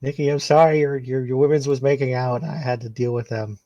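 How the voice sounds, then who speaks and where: A man's voice: mid-range voice, flat delivery, fairly quick, mellow, no echo, highs cut off. A man narrating as game master of a tabletop game in a loose, rambling way with many restarts.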